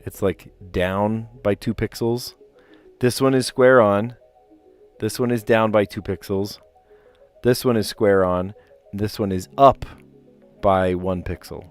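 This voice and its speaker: A man's voice: on the low side, fairly even intonation, slow pace, pauses often, clear, resonant tone, soft background music. A man casually chatting on a live stream, reading puzzle clues aloud and rambling to his viewers. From New Jersey.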